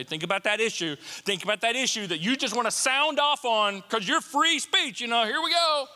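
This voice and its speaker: A man preaching a sermon as a pastor, animated and playful, with jokes and asides. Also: a little high. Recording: long hall reverb.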